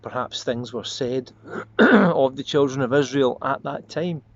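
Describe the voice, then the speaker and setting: A man preaching a short devotional sermon as a pastor, earnest and reflective, slowing and softening on repeated prayer refrains. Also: medium pitch. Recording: slightly dull lo-fi audio with faint noise.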